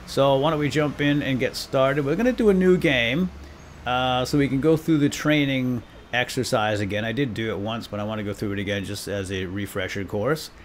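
A man in the middle of his range talks viewers through a game in an easygoing, self-deprecating way. Every so often he shouts mock commands at the crew on screen. Faint room ambience sits behind his voice. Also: medium pitch, fairly quick, a little hiss or hum. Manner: chatty and self-deprecating, addressing viewers directly. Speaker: gaming channel host. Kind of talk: let's play commentary.

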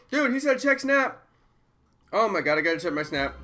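An excitable man in his thirties talking on a casual live stream, hyping things up and chanting them over and over. His voice is bright and forceful and sits a little high. Faint music plays behind him. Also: normal speed. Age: 30s.

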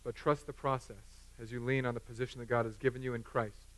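Bright-voiced, joking man preaching. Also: medium pitch, flat delivery, fast talker. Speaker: pastor. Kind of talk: sermon. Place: church.

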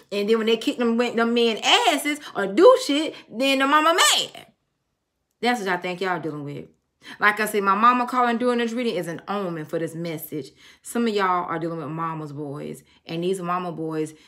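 A woman's voice: mid-range voice, fairly bright tone. A middle-aged woman giving a casual tarot reading, blunt and emphatic, telling stories and swearing freely. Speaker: tarot reader.

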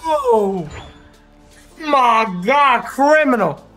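A hoarse man streaming a game, giving hyped, trash-talking live commentary to his chat. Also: extremely high pitch, expressive, very slow, sharp tone, faint music behind.

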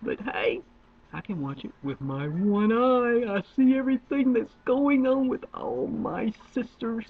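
Woman webcam vlogger, slow drawl, wildly lively pitch, dull lo-fi mic. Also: creaky, slightly rough. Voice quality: drawling, swings between low mutters and loud squeals. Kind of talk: rambling webcam monologue.

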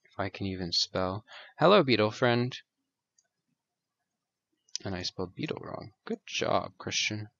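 A man giving a casual coding tutorial, thinking out loud and poking fun at his own slips. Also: sits low, moderate pace, vocal fry, no echo. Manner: casual, self-mocking, thinks aloud. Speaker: programming tutor. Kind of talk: screen-recorded coding tutorial. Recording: dull dry lo-fi recording.

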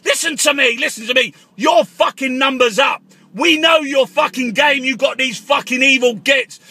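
A man, a taxi driver and artist, shouting and swearing through a comic paranoid rant on the phone. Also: very high-pitched, moderate pace, breathy edge. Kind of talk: comic ranting phone call.

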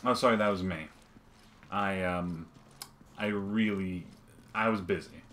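A man's voice: low-pitched, a little slow, fairly bright tone, a little hiss or hum. A man joking and swearing while playing a video game with his mother. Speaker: let's play host. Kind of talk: casual gameplay chat.

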